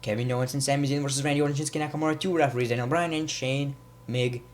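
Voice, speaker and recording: Racing along with fairly even intonation, this medium-pitched man rambles through a wrestling review for his vlog. His casual commentary is marked by repeated words and frequent false starts.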